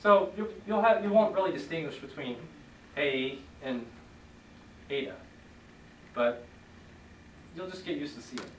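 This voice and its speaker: A man teaching a class, relaxed, leading students in repeating sounds. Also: a little high, unhurried, pauses often, slight background noise. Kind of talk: classroom lesson. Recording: echoey room, voice from far off.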